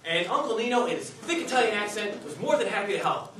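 A middle-aged man gives a humorous contest speech in a meeting hall, chatty and self-mocking, addressing the audience directly. His high voice swings widely in pitch, fast with hardly any pauses. The hall echoes, the mic is distant, and crowd noise makes it noisy.

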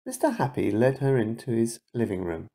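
A man reading a children's picture book aloud to his toddler, slow and emphatic, with a husky voice. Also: medium pitch. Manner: slow, emphatic read-aloud with lively ups and downs. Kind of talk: children's storybook read-aloud.

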